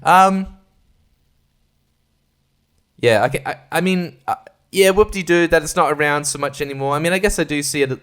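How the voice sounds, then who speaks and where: A man's voice: fairly high pitch, moderate pace, pauses often, fairly bright tone, smooth. A man hosting a casual solo podcast, rambling and crude, swearing and laughing often. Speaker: podcast host.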